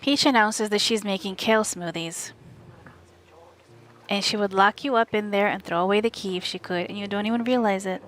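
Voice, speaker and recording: A woman from the USA streaming a live audiobook reading, narrating in a steady, wry first person. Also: medium pitch, moderate pace.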